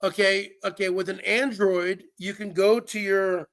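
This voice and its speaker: Blunt, gravelly-voiced stream host. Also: male voice, high voice, little pitch movement, unhurried, a crowd in the background. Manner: blunt, repetitive, swears freely. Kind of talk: casual chat.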